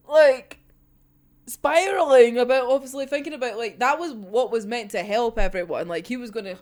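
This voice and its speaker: A woman's voice: a little high, moderate pace, darkish tone. A young woman in a casual, profane reaction rant, exasperated and breaking into laughter. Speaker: manga reviewer.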